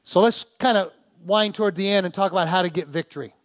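A man with a high voice preaches to his congregation in a folksy, animated way. He tells stories and throws out rhetorical questions, speaking as the pastor. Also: fast talker. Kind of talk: sermon.

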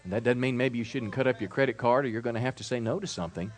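A male pastor preaching a sermon emphatically, moving between loud declarations and quieter asides. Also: medium pitch, rapid-fire.

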